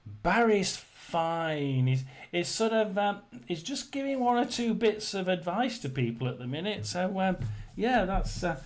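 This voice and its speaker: A man's voice: sits high, very animated, measured pace. Rambling man hosting a live chat. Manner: rambling, many fillers and restarts. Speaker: livestream host. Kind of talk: casual livestream chat reading comments.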